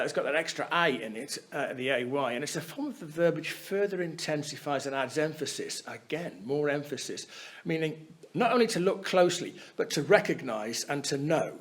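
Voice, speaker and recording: Chatty man giving a dharma talk. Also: on the high side. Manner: conversational, keeps checking in with "yeah?". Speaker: Buddhist teacher giving a talk. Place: Buddhist centre hall.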